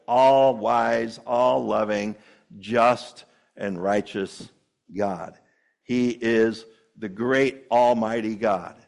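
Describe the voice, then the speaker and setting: A man's voice: medium pitch, vocal fry. A man preaching a sermon as pastor, talking in a conversational way with fillers, repeated phrases and frequent chuckles, in a church sanctuary.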